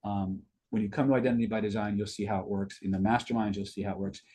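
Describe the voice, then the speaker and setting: A man's voice: lowish voice, steady tone, fast, warm tone, breathy edge. A middle-aged man hosting a live stream, telling a rambling personal story in casual talk and repeating words as he goes. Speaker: host answering live viewers.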